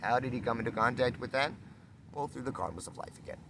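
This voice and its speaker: A man's voice: medium pitch, fast, vocal fry, heavy background noise. A man giving a casual spiritual talk, rambling and repetitive, acting out quoted exchanges. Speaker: spiritual speaker.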